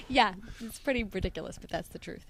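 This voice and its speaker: A woman's voice: a little high, fairly bright tone. A young woman with a New York accent, a singer and impressionist chatting as an interview guest, laughing and self-deprecating, a bit jet-lagged. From United States. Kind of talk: casual interview chat.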